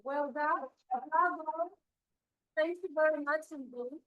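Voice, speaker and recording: A woman's voice: high-pitched, slow, narrow, tinny audio. A woman with a Russian accent hosting impromptu questions at a speaking club, upbeat with many fillers and laughs. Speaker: table topics master at a speaking club meeting. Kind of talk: live club meeting hosting.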